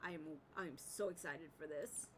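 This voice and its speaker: A woman's voice: deep voice, normal speed, a little hiss or hum, rough recording. Enthusiastic young woman reacting. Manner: enthusiastic, rambling, casual swearing. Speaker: reaction video host. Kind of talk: casual chat.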